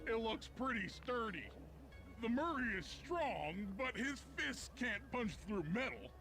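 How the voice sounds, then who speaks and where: A big, eager hippo bruiser from a cartoonish video game, talking about himself in the third person with a simple-hearted earnestness. His voice sits very high for such a burly figure, and game music plays clearly behind him. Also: very animated, a little slow, pushed and bright, exaggerated voice. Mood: boastful.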